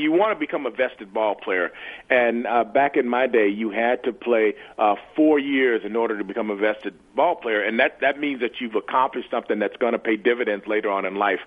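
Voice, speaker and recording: A man in his sixties, a former football player, speaking earnestly as a guest in a phone interview and often repeating words as he searches for them. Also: medium pitch. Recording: tinny phone line.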